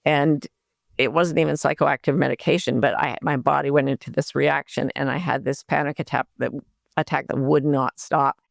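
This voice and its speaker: An older woman, a life coach and author, speaking as a guest in a podcast interview, explaining calmly and gently, sometimes softly voicing kind self-talk. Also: low-pitched, moderate pace, creaky, no echo, clean studio sound. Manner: warm, gentle explanations with soft spoken self-talk asides.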